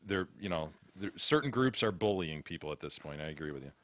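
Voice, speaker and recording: A man's voice: low voice, animated, a little fast, no echo. A man co-hosting a casual podcast, dropping short, dry remarks. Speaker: podcast co-host. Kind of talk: casual talk-show banter.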